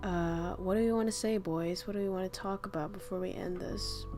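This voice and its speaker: A woman streamer chats casually with her viewers, rambling from joke to joke. She laughs often and swears freely, at a middle pitch, with soft music faintly underneath. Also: fairly even intonation, brisk. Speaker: streamer host.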